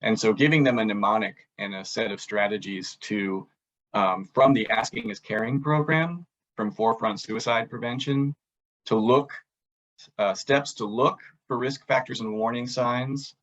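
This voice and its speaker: Low-voiced man giving an academic talk. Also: moderate pace, fairly bright tone, muffled recording. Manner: earnest, many fillers and restarts. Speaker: psychiatry grand rounds presenter. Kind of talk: academic presentation.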